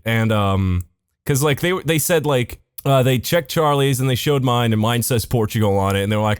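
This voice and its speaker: A man's voice: lively intonation, moderate pace, clean tone, no room sound, studio quality. A man in casual podcast chat who jokes and swears freely. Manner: joking, swears freely, wide swings in pitch.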